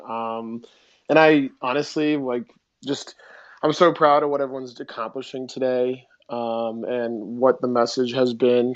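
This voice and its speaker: Man co-host, casual and heartfelt, mid-pitched voice, dull online sound. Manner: loose, heartfelt, swears casually. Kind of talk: casual chat.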